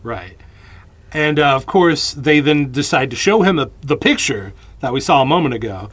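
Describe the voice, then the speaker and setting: A man's voice: mid-range voice, expressive, moderate pace, a bit bright, slightly rough. A man co-hosting a podcast, chatting about a film with wry humor, often laughing and quoting scenes. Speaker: podcast co-host. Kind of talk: casual movie recap chat.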